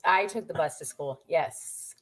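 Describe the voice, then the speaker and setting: A woman podcast co-host chatting casually and telling stories with deadpan jokes. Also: low-pitched, measured pace, breathy edge. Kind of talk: casual chat.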